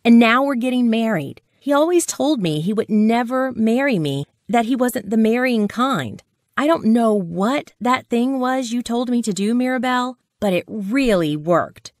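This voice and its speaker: A woman's voice: a little high, animated, normal speed, no room sound, studio quality, pitched above the performer's own voice, natural voice. A woman voicing her heartbroken young friend who begs for help, in an emotional pleading manner. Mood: overjoyed.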